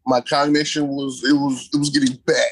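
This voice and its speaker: Interviewed about his own life, a man speaks fairly quickly in a mid-range voice with little pitch movement. His storytelling is casual and colloquial, leaning on repeated key phrases for emphasis. A little hiss or hum is audible.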